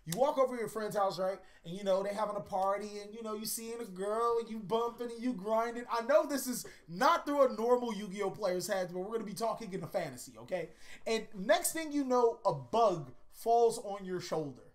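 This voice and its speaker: A woman's voice: medium pitch, animated, a little fast. A woman hosting a card-game countdown video, talking in a casual, profane way and telling rambling joke anecdotes. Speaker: YouTube card-game host. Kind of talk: casual comedic countdown commentary.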